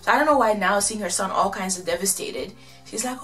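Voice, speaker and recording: A woman casually recapping and commenting on a reality show, chatty and animated, acting out what the people said. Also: mid-range voice, fairly quick, soft background music. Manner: chatty, animated, quotes people in exaggerated voices.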